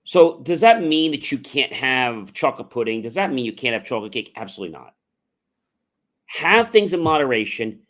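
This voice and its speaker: Man, middle-aged, motivational podcast talk, earnest, conversational, fillers, emphatic rises, mid-pitched voice. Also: sing-song, moderate pace, fairly bright tone. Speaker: entrepreneur podcast host.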